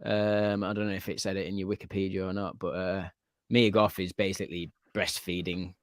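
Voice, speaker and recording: A man with a Geordie accent, from Newcastle, hosting a casual film chat, animated and swearing freely. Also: low voice, fairly quick, no room sound, clean studio sound. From Newcastle, England. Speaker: podcast host. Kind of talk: casual chat about films.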